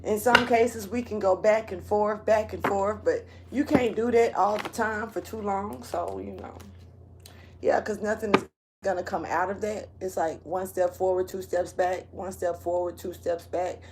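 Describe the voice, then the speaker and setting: A woman's voice: medium pitch, fairly even intonation, moderate pace, noisy background. A woman giving a casual monthly astrology reading as a tarot reader, laid-back and rambling, laughing often.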